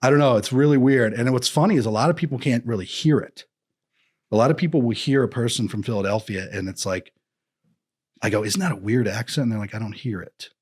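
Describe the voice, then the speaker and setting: A man's voice: mid-range voice, fast. A man chatting as a podcast guest, joking and slipping into comic voices. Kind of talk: casual podcast chat.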